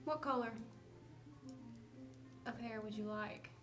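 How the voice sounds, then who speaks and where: A woman plays a tabletop game, chatting loosely and laughing often. Her voice sits somewhat high. She describes her character's moves casually. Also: takes it slowly, over music. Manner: giggly, chatty. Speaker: player.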